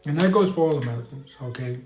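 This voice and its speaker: A man's voice: mid-range voice, lively intonation, quick pace, darkish tone, echoey room. A man talking casually on a live stream, rambling and hesitant, with many restarts and apologies as he answers a question. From New York.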